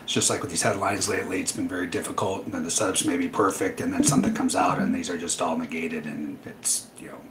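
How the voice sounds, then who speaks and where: A man's voice: low voice, noisy background. A man hosting a live trading webinar, talking casually through his trades with lots of fillers and a dry, sarcastic edge. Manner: loose, rambling, many fillers, dry sarcasm.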